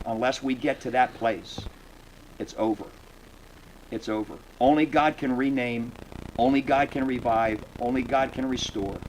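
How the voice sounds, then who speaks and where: A man in his fifties giving earnest, preacherly remarks as a panelist, repeating phrases for emphasis. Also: mid-range voice. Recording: noisy live event recording.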